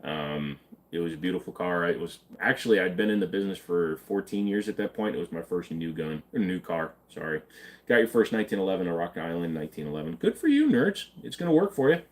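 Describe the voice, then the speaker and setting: A man's voice: low-pitched, fast talker. A man hosting a live stream, casually reading and answering chat questions in an offhand, joking way.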